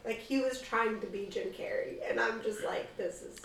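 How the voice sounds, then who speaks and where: A woman's voice: fairly high pitch, moderate pace, far from the mic, crowd noise. Chatty woman, roomy and off-mic. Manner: chatty storyteller, laughs easily. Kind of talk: casual chat.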